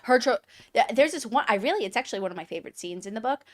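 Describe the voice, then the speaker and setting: A woman co-hosting a book podcast, retelling a plot in an animated, filler-heavy casual chat. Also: on the high side, very fast.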